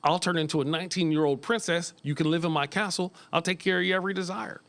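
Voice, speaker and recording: A man's voice: fairly high pitch, steady tone, fast talker, fairly bright tone. A man doing a coaxing enchanted female frog. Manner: coaxing, bargaining.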